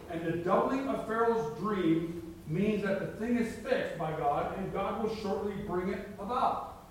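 A man's voice: high-pitched, a little hiss or hum. A middle-aged man preaching a sermon as a pastor, reading scripture aloud with emphatic rises. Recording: very echoey hall, mic far off.

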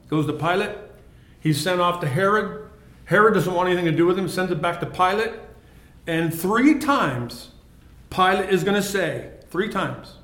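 A man reading a Bible passage aloud and stopping to explain it to a study group, with pauses and restarts. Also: a little high, fairly bright tone. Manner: reads scripture then explains it with pauses and restarts. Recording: echoey room.

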